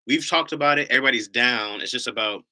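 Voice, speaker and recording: A man's voice: medium pitch, fast talker, sharp tone. A man hosting a casual livestream, a rambling storyteller who laughs often. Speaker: livestream host.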